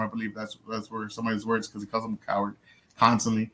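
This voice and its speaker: A man's voice: mid-range voice, fairly even intonation, fast talker, fairly bright tone. A man hosting a reaction video, talking in a blunt, profane, casual way. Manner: profane, blunt, lots of fillers.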